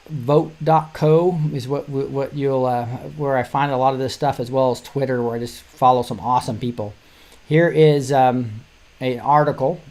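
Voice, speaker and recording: A man's voice: medium pitch, a little mellow. A middle-aged man hosting a show, talking casually through news articles in a rambling way with frequent restarts and short chuckles. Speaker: show host.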